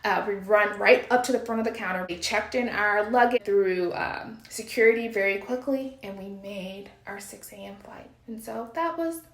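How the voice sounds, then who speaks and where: This woman, in her thirties and from the US, speaks at normal speed with few pauses and a medium pitch, in a roomy space with a little hiss or hum. Casually telling viewers a story, she's animated and breathless, reenacting her panicked moments with shouts.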